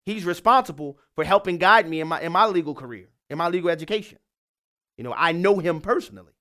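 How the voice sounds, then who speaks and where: A man's voice: fairly high pitch, quick pace, sharp tone. A man giving an impassioned political monologue, emphatic and fired up, repeating his points. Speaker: political commentator.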